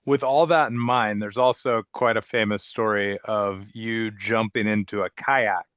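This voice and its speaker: A male webinar host asking questions in a halting way, often restarting. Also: fairly low pitch, fairly even intonation, fairly bright tone. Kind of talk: interview questions. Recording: dry, dull lo-fi audio.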